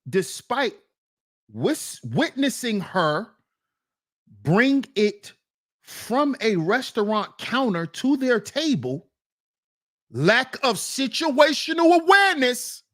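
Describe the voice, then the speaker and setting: Her voice is high-pitched with a fairly bright tone. On her reaction commentary channel, this woman berates and ridicules her viewers, repeats lines for emphasis, and puts on mock voices of the men she's criticizing.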